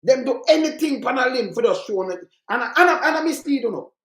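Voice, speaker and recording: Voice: high voice, expressive, brisk, a bit bright. A commentator with a Jamaican accent, ranting fiercely and repeating points in patois. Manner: fiery, repetitive, rants in Jamaican patois. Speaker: political commentator. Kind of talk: heated commentary monologue. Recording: roomy echo.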